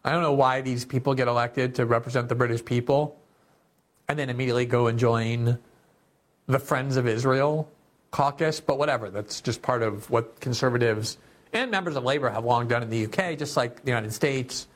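A man's voice: medium pitch, fairly quick. A male political commentator who talks through news clips and quotes in an opinionated way. He reads statements aloud, then cuts in with sarcastic, indignant asides.

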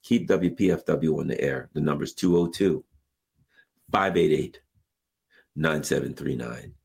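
A man hosting a radio talk show, ranting with passion and sarcasm through political commentary and an on-air fundraising pitch. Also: measured pace, creaky, a little mellow, slightly rough.

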